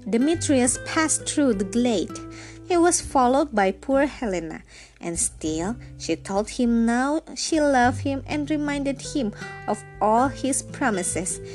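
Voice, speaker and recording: A woman narrating a fairy tale from a script, reading slowly and expressively. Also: fairly high pitch. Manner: slow, measured and expressive reading. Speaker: storyteller.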